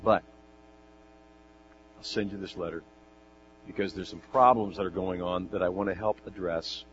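A man preaching a sermon, reading scripture with animated, jokey asides and rhetorical questions. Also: low voice, moderate pace. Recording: dull lo-fi sound with mains hum.

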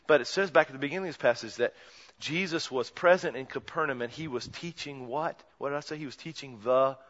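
A male pastor giving a sermon, swinging dramatically from hushed lines to loud ones. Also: mid-range voice, fairly quick. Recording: dull sound in a reverberant hall.

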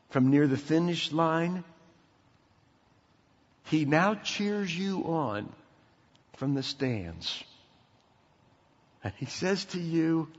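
A middle-aged pastor preaching a sermon, emphatic and preacherly, sometimes dropping to a quiet intensity. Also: male voice, a little high, slightly rough. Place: church sanctuary. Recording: dull sound in a reverberant hall.

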